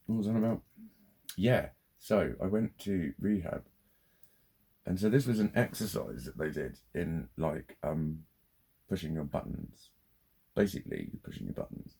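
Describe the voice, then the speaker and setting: A man's voice: low voice, expressive, a little slow, pauses often, warm tone, breathy edge. A man, ranting casually to camera, sweary and rambling, getting heated. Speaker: vlogger.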